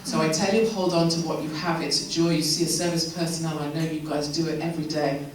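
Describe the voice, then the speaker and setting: A woman's voice: deep voice, fast talker, crowd noise. English woman talking in an echoey hall. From England. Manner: chatty, animated, laughing asides. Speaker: guest speaker. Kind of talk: Q&A talk to a live audience. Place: event hall. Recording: echoey hall, mic far off.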